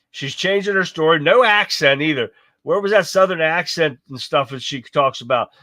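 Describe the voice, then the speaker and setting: Bright-voiced angry man ranting live. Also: fairly high pitch, dry recording. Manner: heated, profane ranting; talks to chat viewers. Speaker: livestream host. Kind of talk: live reaction commentary.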